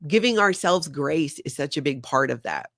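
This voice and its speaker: A woman's voice: low-pitched, lively intonation, moderate pace, fairly bright tone, dry recording, clean studio sound. A woman hosting a livestream, talking in an earnest, confiding way and reading viewer comments aloud. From former member of a high-control group. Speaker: livestream host.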